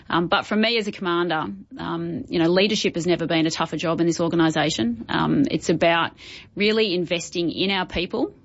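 Earnest police commander, lower voice. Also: female voice, lo-fi sound. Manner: earnest, measured, frequent ums. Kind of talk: radio interview.

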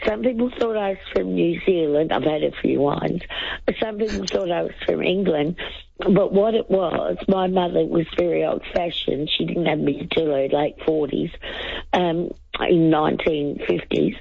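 Older woman caller, elocution-trained Australian accent, gravelly and husky, chatty with lots of ums, dull radio sound. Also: fairly low pitch, a little slow. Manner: chatty, hesitant with many ums. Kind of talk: casual phone-in chat.

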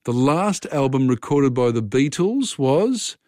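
A man hosting a radio quiz in a casual, chatty way, reading out questions and talking contestants through their answers. His voice is mid-pitched and sounds dry and close, recorded in a studio with no room echo. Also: big pitch swings, unhurried, darkish tone.

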